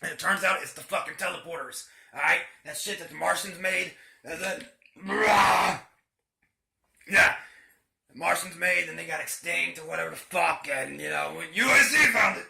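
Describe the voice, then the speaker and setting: Gravelly, profane man retelling a story. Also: fairly high pitch, moderate pace, pushed and bright, echoey room, slight background noise. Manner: profane, rambling, slangy. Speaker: channel host.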